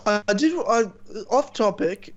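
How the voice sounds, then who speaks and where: A man's voice: sits high, unhurried, muffled recording. A man in casual chat on a gaming podcast, joking and restarting his sentences.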